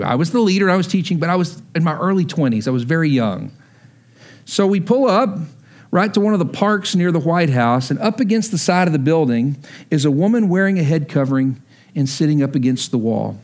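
Pastor, man, 30s, from texas, high voice, storytelling sermon that builds to emphatic preaching. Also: expressive, a little fast, darkish tone.

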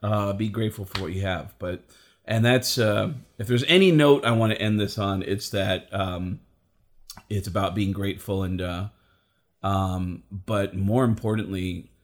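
A man, a comedian and impressionist, telling a story in a casual, animated way. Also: fairly low pitch, measured pace. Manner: animated, acts out the voices of people in his stories.

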